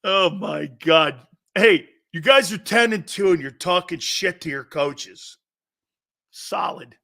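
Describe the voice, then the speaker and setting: A brash, middle-aged sports talk host rambles slowly through a loose monologue, cracking profane jokes, laughing, and leaving long pauses. His voice is fairly high for a man, bright and sharp yet gravelly.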